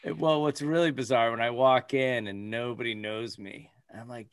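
A man's voice: medium pitch, steady tone, moderate pace, hardly any pauses, clean tone, no echo, studio quality. A man co-hosting a casual podcast chat, playful and mock-indignant with his friends. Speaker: podcast co-host.

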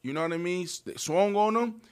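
A man with a high voice hosts a casual sports podcast. He talks in an animated, joking way and laughs often as he teases people. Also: fairly quick, clear, resonant tone. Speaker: podcast host.

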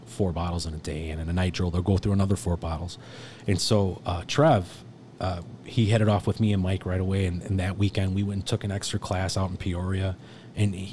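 A man's voice: low-pitched, a little mellow, a little hiss or hum. A middle-aged man, a firefighter instructor, telling stories in a casual, rambling, profane way with lots of restarts. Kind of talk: casual storytelling.

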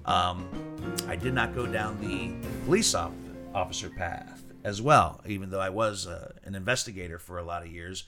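A man hosting a casual podcast chat over whiskey, with a lively, playful showman's delivery. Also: sits low, normal speed, music in the background. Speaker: podcast host.

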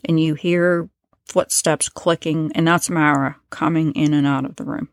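A podcast host's low voice, touched with vocal fry, moves at an ordinary pace through a true-crime account, easygoing in tone, as she stops to unpack transcript readings. No echo or surrounding room is audible; it's close and dry.

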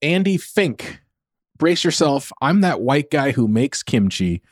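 A man reading listener questions on a podcast, with wry, deadpan asides. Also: mid-range voice, slow, no echo, clean studio sound.

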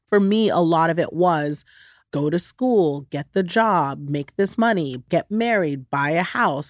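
A woman's voice: low voice, a little mellow, no room sound, clean studio sound. A woman, hosting a podcast and chatting frankly with lots of "like" and "you know". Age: 30s. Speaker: podcast host. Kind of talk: casual personal chat.

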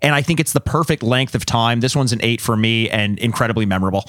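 A man's voice: medium pitch, a bit bright, no echo. Enthusiastic man on a dry podcast mic. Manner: enthusiastic, halting restarts. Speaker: podcast co-host. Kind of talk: casual podcast chat.

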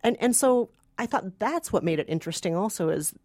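A woman's voice: mid-range voice, lively intonation, fairly quick, a little mellow, no echo. Woman, co-host, earnest, pleading, film review chat, dry studio sound.

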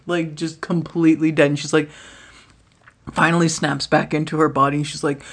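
A woman's voice: sits low, level tone, normal speed, husky. A woman hosting a podcast who tells stories in a rambling, casual way, laughing often and swearing freely. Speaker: podcast host. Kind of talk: casual storytelling monologue.

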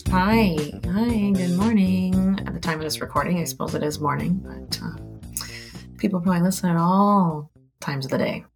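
A woman's voice: fairly low pitch, normal speed, music in the background. A middle-aged woman taking over a podcast as interviewer, chatting in a friendly, upbeat way. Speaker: guest interviewer. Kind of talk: casual chat.

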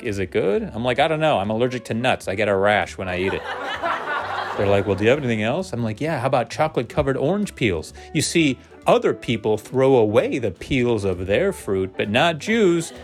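A man performing a stand-up routine with wry, conversational punchlines. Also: lowish voice. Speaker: comedian.

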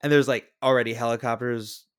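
A man's voice: medium pitch, steady tone, fairly quick, smooth. Man trading jokes on a podcast. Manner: joking, teasing banter. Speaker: podcast co-host. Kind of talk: casual movie podcast chat.

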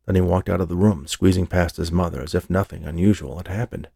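A man reading an audiobook in a steady, measured storytelling voice. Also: low voice, vocal fry, no room sound, studio quality. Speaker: audiobook narrator. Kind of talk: scripted narration.

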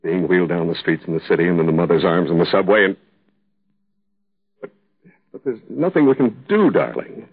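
A man's voice: low voice, lively intonation, fairly quick, pauses often, slightly rough, exaggerated voice. An actor playing a grieving young husband in a 1950s radio drama, earnest and tender as he pleads with his wife. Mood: pleading. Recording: tinny old radio broadcast.

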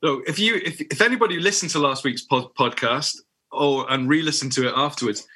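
A man's voice: a little high, brisk, bright, forceful tone, slightly rough. A man co-hosting a football podcast, self-deprecating and stumbling over repeated words. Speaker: podcast co-host. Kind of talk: casual chat, football talk.

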